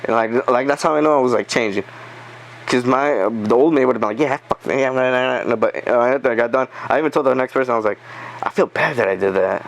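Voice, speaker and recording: A man telling a story in a casual podcast chat, animated, swearing and acting out the quotes. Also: mid-range voice, fast, vocal fry, poor audio. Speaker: podcast guest.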